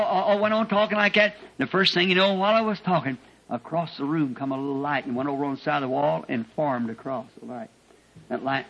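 A preacher delivers an impassioned testimony sermon, his husky, bright voice pitched a little high for a man. The sound is dull and lo-fi, like an old tape of a church meeting. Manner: emotional, rising to high-pitched bursts when telling his story.

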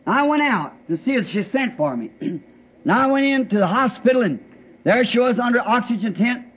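A man's voice: extremely high pitch, expressive, moderate pace, husky. A man preaching a sermon, telling a testimony in a folksy, rambling way with plain rural grammar. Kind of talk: sermon storytelling. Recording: dull lo-fi old recording.

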